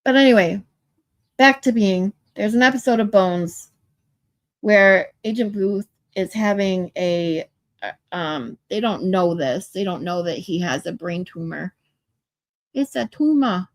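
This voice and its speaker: Reading her viewers' comments aloud, a sleep-deprived livestream host keeps the chat loose and casual. She speaks unhurriedly in a fairly low voice, and the recording is dry.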